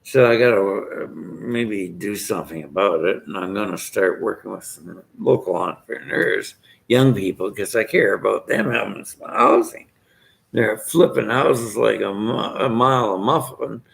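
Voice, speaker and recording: Gravelly older Irish man ranting. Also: on the low side, moderate pace, fairly bright tone. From Ireland. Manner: rambling, abrasive, jokey. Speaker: vlogger. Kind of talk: rambling rant to camera.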